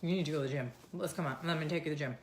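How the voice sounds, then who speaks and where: A woman's voice: deep voice, rapid-fire, slight background noise, lightly acted. A woman voicing her six-year-old son as he pesters her to take him to the gym, in a pleading, insistent way. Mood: wheedling. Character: nagging six-year-old boy wheedling his mom. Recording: roomy echo.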